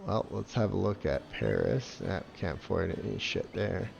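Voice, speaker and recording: Low and sing-song with vocal fry, this man speaks at a moderate pace in a darkish tone, recorded lo-fi with slight background noise. Reviewing a game while playing it, he keeps up a profane, sarcastic running commentary punctuated by mocking laughter.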